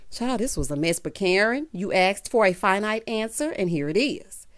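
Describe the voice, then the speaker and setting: A woman reviewing a TV episode in casual, sassy commentary. Her pitch swings widely as she talks. She keeps calling her listeners honey and child. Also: normal speed, few pauses. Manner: sassy, expressive, calls viewers honey and child. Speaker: TV recap reviewer.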